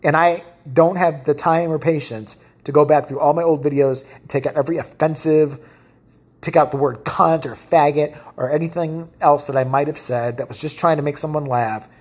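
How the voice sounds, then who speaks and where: A woman's voice: deep voice, fairly even intonation, moderate pace, darkish tone, breathy edge. A woman hosting a solo podcast, ranting bluntly and profanely with lots of restarts. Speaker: podcast host. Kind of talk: casual solo podcast rant.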